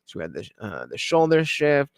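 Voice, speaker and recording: Animated, rambling male reaction streamer. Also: medium pitch, moderate pace, gravelly, dry recording, clean studio sound. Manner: animated, rambling with many fillers, reads viewer comments aloud. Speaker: streamer reacting to a podcast clip. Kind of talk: casual reaction commentary.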